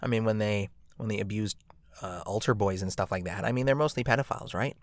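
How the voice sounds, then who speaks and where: A man's voice: on the low side, fast, dry recording. A man hosting a podcast alone, rambling and joking with lots of fillers and tag questions. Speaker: podcast host. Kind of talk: casual podcast monologue.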